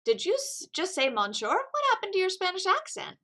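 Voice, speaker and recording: A woman voicing an eager young male bird assistant who asks excited questions. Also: very high voice, a little fast, soft background music, voice pushed up, heavily acted.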